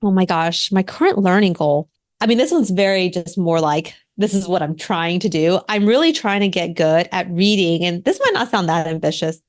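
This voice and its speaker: Animated woman coach with lowish voice. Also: moderate pace. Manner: animated, emphatic, plays with pace and emphasis. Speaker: guest, communication coach and author. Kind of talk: podcast interview.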